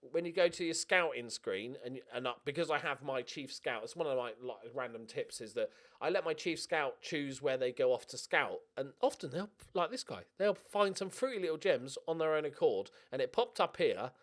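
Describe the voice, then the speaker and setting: A young man with a mid-range voice talks through his game, hosting his own let's-play channel. He is chatty and excitable, cracks jokes about his own choices and swears casually. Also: medium pitch, moderate pace. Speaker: gaming channel host.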